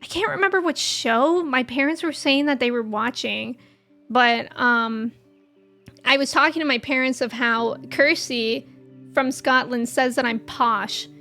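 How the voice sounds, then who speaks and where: A woman's voice: sits high, measured pace, sharp tone, soft background music. A young American woman streaming a game, chatting casually and rambling with viewers, laughing often. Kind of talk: casual chat with live viewers.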